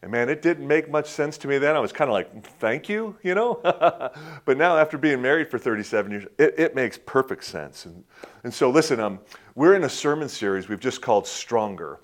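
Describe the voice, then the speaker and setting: A man's voice: medium pitch, lively intonation, fairly quick. A man in his fifties preaching a conversational sermon, telling personal stories in a folksy way with many restarts and chuckles. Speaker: pastor.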